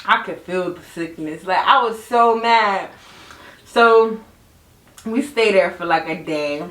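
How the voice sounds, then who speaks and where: A young woman hosts a casual podcast storytime, animated and often laughing, her pitch leaping around. She sits at some distance from the mic in an echoey room. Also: slow. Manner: animated, laughing, swings high and low in pitch. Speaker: podcast host.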